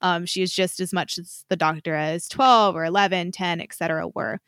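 Her voice is fairly low-pitched yet fairly bright, clear and resonant, keeping a steady tone at a moderate pace. As a podcast co-host she chats enthusiastically with fans in mind, laughing easily, in studio-quality audio with no room sound.

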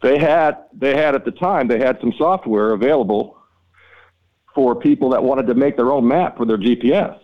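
A man guest on a fishing podcast, telling a story in an animated, exasperated way and acting out both sides of a conversation. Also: normal speed, lo-fi sound. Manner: animated, exasperated, reenacts dialogue with rising pitch. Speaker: podcast guest, mapping company founder. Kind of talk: storytelling interview talk.

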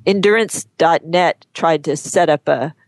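A woman guest on an interview show, talking frankly and chattily, often pausing and restarting her sentences. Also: deep voice, no echo. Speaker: guest, horse photographer. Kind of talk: casual interview chat.

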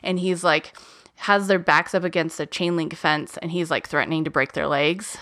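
A woman's voice: low voice, fairly even intonation, normal speed, fairly bright tone. A woman hosting a podcast, casually recounting a true crime case with lots of "um" and "like". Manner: chatty, many fillers like "um" and "like". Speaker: podcast host.

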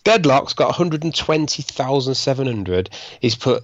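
A man's voice: mid-range voice, animated, moderate pace, few pauses. A man co-hosting a podcast, reading listener scores in an easygoing, self-deprecating way. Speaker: podcast co-host. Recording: dry, slightly dull sound.

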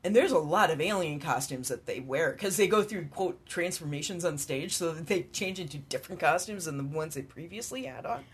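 A man's voice: on the high side, expressive, a little fast, hardly any pauses, breathy edge. Enthusiastic, laughing male podcast co-host. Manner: enthusiastic, laughs often while talking. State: worn out. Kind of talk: casual chat.

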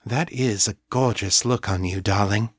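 A man's voice: lowish voice, normal speed, no echo, natural voice. A man voicing a sultry, affectionate woman who purrs her words in an audiobook story. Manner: purring, affectionate.

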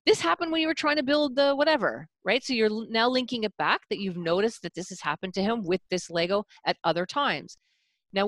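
A middle-aged woman parenting coach talks with animated, demonstrative energy. She swings her pitch freely as she acts out examples. The recording is dry and close. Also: no echo. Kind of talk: coaching talk.

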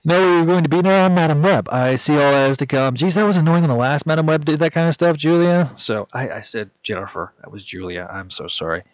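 A man's voice: a little high, expressive, fast talker, few pauses, dry recording, natural voice. A man voicing a cryptic old woman seer who speaks in mysterious prophecies. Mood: ominous. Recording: dull lo-fi dry recording.

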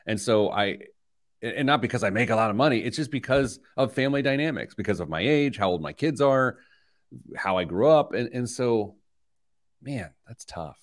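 A middle-aged man hosting a money radio show, telling stories in lively banter that gets loud when he's excited. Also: mid-range voice, normal speed. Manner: animated storyteller, rising loud when excited. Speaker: radio show host, financial planner. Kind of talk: casual studio banter.

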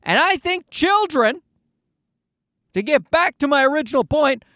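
A high-voiced man riffs through a casual comedic monologue. He swears freely, rants, and leaps from tangent to tangent. His pitch is very lively, and the recording is dry and close. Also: unhurried, no room sound. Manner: profane, ranting, jumps between tangents.

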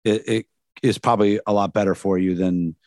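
A man's voice: fairly low pitch, fairly even intonation, a little fast, darkish tone, no echo, clean studio sound. A man who was a beat cop and police dog handler, reflecting in a rambling way during casual podcast chat.

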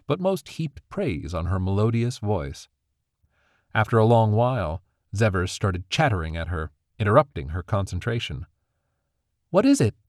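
A man narrating a children's fantasy storybook with an expressive, animated reading. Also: fairly low pitch, no echo, clean studio sound.

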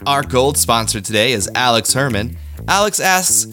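A man hosting a satirical news monologue with deadpan delivery and self-deprecating asides. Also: mid-range voice, normal speed, over music. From Kansas City area. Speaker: comedy news host.

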